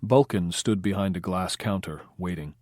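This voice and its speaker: Deep-voiced man narrating a crime novel. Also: normal speed, darkish tone, dry recording, studio quality. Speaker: audiobook narrator. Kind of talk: scripted narration.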